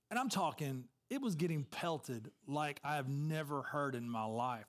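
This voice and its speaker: A male pastor delivers a sermon as a relaxed, conversational story, tossing in friendly asides to the congregation. His voice sits notably high for a man.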